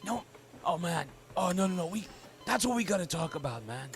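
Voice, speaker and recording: A man's voice: high-pitched, big pitch swings, a little fast, slight background noise, voice pushed up. A man doing a laid-back dude buddy. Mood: urgent. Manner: drawling, calls everyone man. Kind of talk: comedy sketch.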